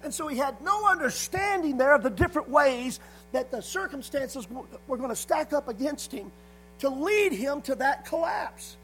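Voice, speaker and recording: A man's voice: very high voice, animated, normal speed, a bit bright, soft background music, low-quality recording. A man preaching a sermon, hammering points through repetition and punctuating them with frequent calls of "amen". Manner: repetitive emphatic phrasing, frequent "amen" call-outs.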